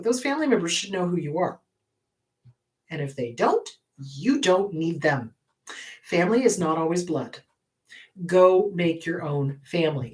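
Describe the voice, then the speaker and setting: Blunt, emphatic woman therapist, slightly distant mic. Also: fairly low pitch. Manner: blunt, emphatic, repeats key advice. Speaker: therapist and show host. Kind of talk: live advice talk answering viewer questions.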